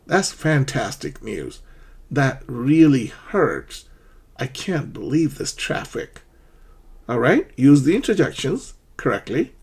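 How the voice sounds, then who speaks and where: A man teaching an online English lesson, slowly and patiently, acting out example exclamations. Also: medium pitch, breathy edge.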